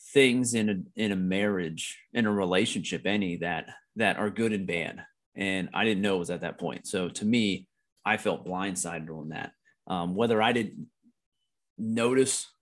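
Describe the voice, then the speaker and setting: A middle-aged American man telling a personal story in a candid conversation, blunt and profane, often repeating himself. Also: on the low side.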